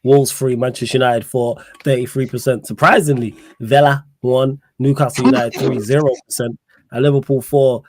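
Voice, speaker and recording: A man's voice: medium pitch, brisk, a little mellow, no echo. A man hosting a casual football chat livestream, playful and joking with his viewers. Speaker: host.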